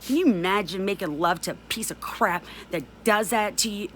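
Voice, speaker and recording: A woman's voice: medium pitch, brisk. A middle-aged woman speaking out in a vlog, talking in an angry, accusing and emphatic way. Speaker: abuse survivor speaking out. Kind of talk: direct-to-camera vlog rant.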